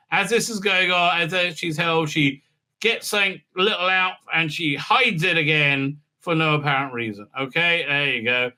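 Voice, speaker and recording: A man hosting a casual recap and review show, rambling and sarcastic with lots of filler sounds. His voice is sharply bright and a little higher than most men's. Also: normal speed. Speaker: host.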